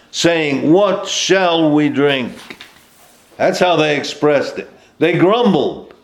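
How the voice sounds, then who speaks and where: Male preacher, slightly high voice, slow deliberate delivery with filler pauses. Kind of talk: sermon.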